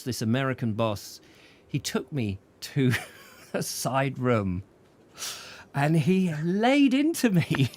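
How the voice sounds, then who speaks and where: A male talk-show host spins a long anecdote in a loose, conversational way. He chuckles often, stumbles and restarts his sentences, and speaks at a mid-range pitch. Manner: lively storyteller, chuckling often, many restarts. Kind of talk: casual chat, telling an anecdote.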